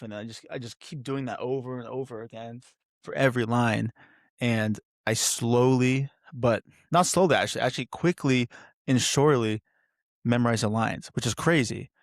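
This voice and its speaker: Rambling young man with a gravelly voice. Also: mid-range voice, dry recording, clean studio sound. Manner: rambling, self-interrupting, many fillers. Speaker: podcast host. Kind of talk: solo podcast rambling.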